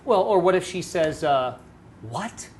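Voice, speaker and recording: A man's voice: fairly high pitch, lively intonation, quick pace, a little hiss or hum. A man co-hosting a dating talk, explaining points in a plain, matter-of-fact way. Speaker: co-host, dating coach. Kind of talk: casual coaching talk.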